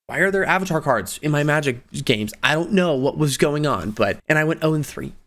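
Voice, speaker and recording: A man in his twenties telling personal stories in a casual vlog, animated, laughing often and jumping up in pitch on emphasis. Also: brisk. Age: 20s. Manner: animated, laughing storyteller with sudden pitch jumps. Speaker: video creator.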